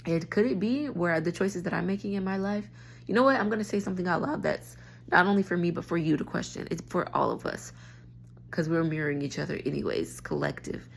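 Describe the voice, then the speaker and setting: Woman vlogger, low gravelly voice, tired, frustrated, rambling phone rant. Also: brisk. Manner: frustrated, stream-of-consciousness, restarts thoughts. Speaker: spiritual vlogger.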